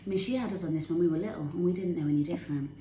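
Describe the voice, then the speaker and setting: Her lowish voice races along as she chats to camera, a fitness tip vlogger handing out easygoing healthy-eating advice from her home kitchen. She sounds bubbly and enthusiastic and laughs as she speaks. Background noise is present, and the room is echoey with a faint ambience.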